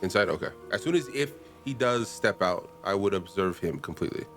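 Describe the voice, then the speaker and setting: A man playing a tabletop game, speaking calmly and deliberately about his character's actions. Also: deep voice, soft background music. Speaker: player. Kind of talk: casual tabletop game talk.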